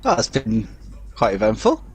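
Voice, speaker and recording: A man's voice: lowish voice, huge pitch swings, moderate pace, breathy edge. A man co-hosting a casual podcast, speaking hesitantly. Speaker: podcast co-host.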